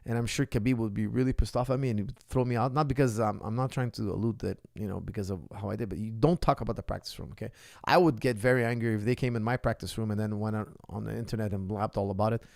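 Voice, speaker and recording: A man's voice: on the low side, steady tone, quick pace, gravelly, darkish tone, no room sound, clean studio sound. A man in his forties, a martial arts coach, answering viewer questions in an emphatic way and often checking in with "okay?". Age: 40s.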